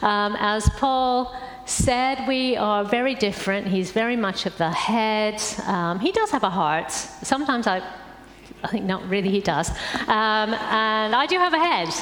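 A woman's voice: mid-range voice, lively intonation, unhurried. A woman giving a talk as guest speaker at a church, conversational and earnest, with frequent "um"s. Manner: warm conversational preaching with many fillers. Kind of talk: sermon talk. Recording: echoey hall, faint ambience.

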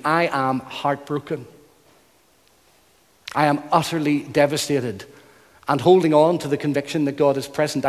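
A man preaching a sermon in earnest, building emphasis through repeated phrases. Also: a little high. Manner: earnest, emphatic, rhythmic repetition. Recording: long hall reverb.

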